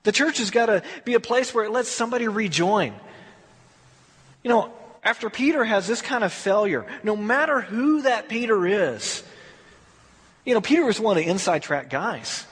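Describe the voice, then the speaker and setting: A man with a high, slightly husky voice delivers a relaxed, story-driven sermon. He slips into quick voices for the people in his account. His words trail off into a long, echoing church reverb. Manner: conversational storytelling, acts out quotes. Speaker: pastor.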